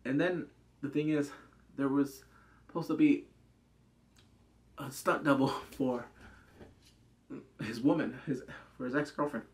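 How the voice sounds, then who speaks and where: A man's voice: mid-range voice, a little slow, pauses often. A man hosting his own channel, chatting casually through a drama review with lots of "like" fillers. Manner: animated, chatty, acts out scenes in put-on voices, many "like" fillers.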